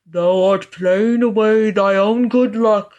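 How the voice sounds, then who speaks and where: A woman doing a booming bottled giant spirit. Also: steady tone, slow, a little mellow, muffled recording, close to an everyday voice. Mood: coaxing. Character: bottled spirit swelling to giant size, male. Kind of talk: storybook reading.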